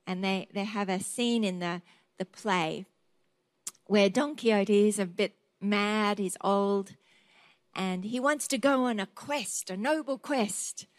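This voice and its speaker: A woman's voice: medium pitch, slow pace, no room sound. A middle-aged woman preaching a sermon, telling personal stories and acting out her own thoughts in an earnest way. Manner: earnest, storytelling, acts out quoted thoughts.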